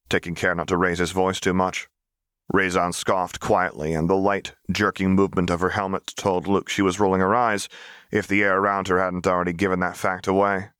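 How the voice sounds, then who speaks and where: A man calmly reading an audiobook as narrator, in an even, storytelling manner. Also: deep voice, clear, resonant tone, dry recording, clean studio sound. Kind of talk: scripted narration.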